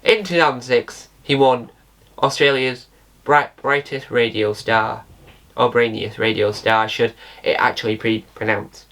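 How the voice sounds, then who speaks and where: A man's voice: mid-range voice, fairly even intonation, measured pace, fairly bright tone. A British man hosting his own channel with casual solo commentary, rambling and correcting himself, spelling words out. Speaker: channel host.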